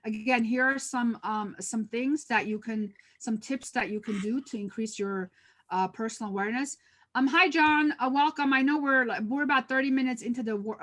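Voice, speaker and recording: A woman's voice: on the high side, a bit bright. A woman presenting a live workshop over a video call, talking conversationally with many fillers and restarts, telling stories from her own work.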